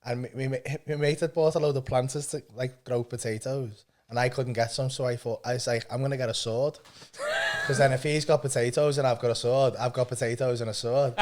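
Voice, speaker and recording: A man's voice: on the high side, moderate pace. A man, a comedian guest, telling jokey self-deprecating stories in casual chat.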